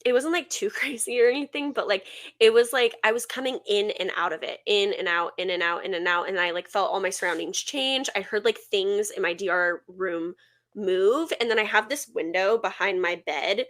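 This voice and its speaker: A woman's voice: mid-range voice, normal speed, fairly bright tone. Casting note: young woman podcast co-host, casual and chatty, storytelling with constant filler words, mid-range voice. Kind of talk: casual chat.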